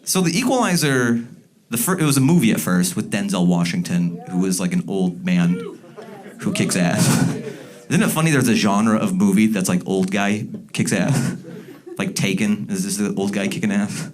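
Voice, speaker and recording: A man doing a stand-up comedy set, animated and jumping into loud, shouted character bits. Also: on the low side, moderate pace. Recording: live comedy club with audience laughter.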